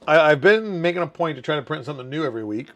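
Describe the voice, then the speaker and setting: A man's voice: on the high side, lively intonation, rapid-fire, fairly bright tone. A man in his thirties hosting a casual livestream chat, reading viewer comments aloud and laughing often. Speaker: community manager hosting a livestream.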